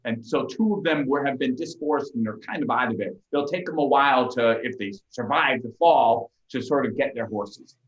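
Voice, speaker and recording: A man narrating a tabletop game as game master, with lively delivery and frequent restarts. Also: medium pitch, moderate pace, few pauses, roomy sound, lo-fi sound.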